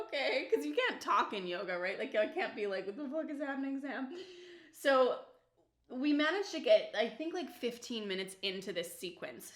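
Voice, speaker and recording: A young beauty vlogger tells a story while doing her makeup in a chatty get-ready-with-me storytime, casual and full of fillers and swearing. Her voice is medium-pitched and a bit bright, with a roomy echo on the recording.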